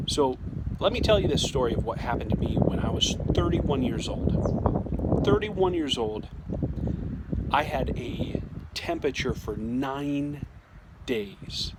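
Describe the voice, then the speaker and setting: A man telling a personal story in a casual, conversational way, often restarting his sentences and acting out what was said to him. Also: medium pitch. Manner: conversational, with frequent restarts and quoted dialogue. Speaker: storyteller sharing a personal experience. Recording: loud background noise.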